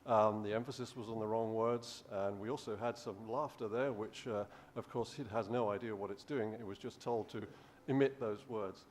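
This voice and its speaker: A man's voice: on the low side, steady tone, normal speed, darkish tone, a little hiss or hum. Man giving an academic lecture. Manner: explanatory, with frequent restarts and "uh". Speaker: professor and lecturer. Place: conference hall.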